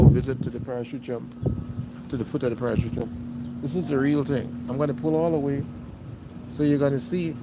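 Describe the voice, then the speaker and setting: Brief: high-pitched male street streamer, hyped and repetitive, on a phone mic outdoors with loud wind. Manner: hyped, repeats phrases over and over, chants "Brooklyn". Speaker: street livestreamer. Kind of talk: live walking stream commentary. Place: outdoors on a seaside boardwalk.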